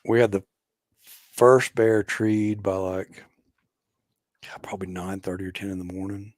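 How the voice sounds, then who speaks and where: Deep-voiced man, halting story. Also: fairly even intonation. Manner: halting, full of "like" and "you know". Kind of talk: casual storytelling chat.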